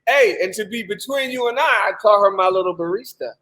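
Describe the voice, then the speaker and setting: A male host in casual live-stream chat, pitching deals with hyped, playful banter. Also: fairly quick, bright, forceful tone. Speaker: show host. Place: Seattle.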